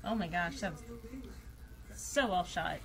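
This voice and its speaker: A woman's voice: on the low side, unhurried, vocal fry, a crowd in the background. A woman co-hosting a reaction video in casual chat, playful and teasing.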